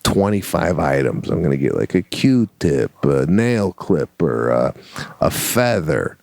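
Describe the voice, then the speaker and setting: A middle-aged man co-hosting a podcast, telling stories in a casual, animated, slangy way. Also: rumbling low, slow pace, vocal fry, no room sound. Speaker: podcast co-host. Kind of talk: casual chat.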